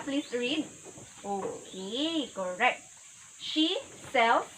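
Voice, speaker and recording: A woman teacher giving a classroom teaching demonstration, explaining slowly and repeating key points for the class. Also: on the high side, a bit bright, a little hiss or hum, rough recording. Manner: slow, deliberate explaining with repetition.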